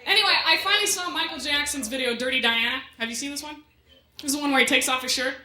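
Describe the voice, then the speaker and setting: A woman working as MC and stand-up comic, doing a club set and bantering with the crowd in quick asides. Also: sits high. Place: comedy club stage with a live audience. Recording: echoey club room with loud noise.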